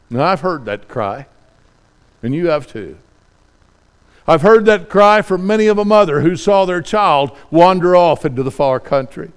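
A middle-aged man preaching a sermon, reading scripture quietly and then building to fervent, pleading questions. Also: fairly high pitch, animated, a little slow, smooth.

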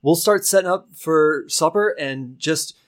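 A man voicing an eager, green young male monster hunter who stammers with excitement. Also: measured pace, lightly acted. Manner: stammering, excited, high and keen.

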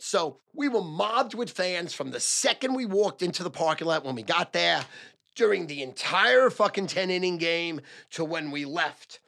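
A man in his sixties who advises sports gamblers, talking to camera in a casual, loud, profane monologue and repeating phrases for emphasis. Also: fairly high pitch, lively intonation, normal speed, vocal fry.

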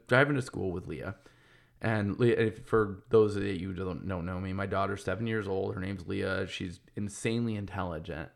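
Man, thirties, slightly low voice, casual monologue, swears, rambling restarts. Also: creaky. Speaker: podcast host and business owner.

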